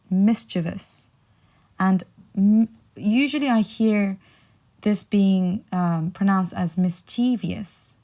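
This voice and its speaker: A woman hosting a casual English-pronunciation podcast, chatting in a relaxed way and slowing down to repeat words carefully. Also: mid-range voice. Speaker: English teacher and podcast host.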